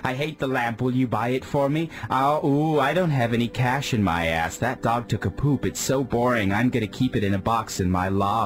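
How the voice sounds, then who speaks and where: A radio host putting on a dreamy, camp male rock star under hypnosis, drifting and whimsical, dropping low and slow. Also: close to an everyday voice. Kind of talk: comedy radio sketch.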